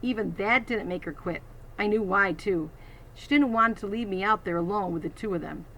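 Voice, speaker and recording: A woman's voice: mid-range voice, moderate pace, fairly bright tone, slight background noise, rough recording. Woman reading a children's novel aloud. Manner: teacherly asides to listeners. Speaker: reader.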